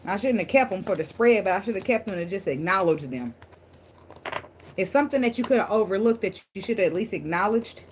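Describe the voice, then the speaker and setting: A woman's voice: mid-range voice, expressive, a little fast, slight background noise. A woman giving a casual tarot reading to her viewers, talking bluntly with plenty of swearing and laughter. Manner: blunt, profane and laughing, talks straight to viewers. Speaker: tarot reader.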